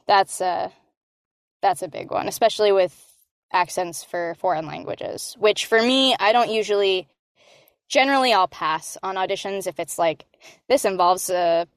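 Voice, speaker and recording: A woman voice actor talks shop in a relaxed interview, animated and quick to laugh. Her voice sits at a middle pitch. The recording is close and dry, with no room echo. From Hispanic American. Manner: animated, laughs often, talks with her hands in words, many "like" fillers. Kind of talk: casual interview chat.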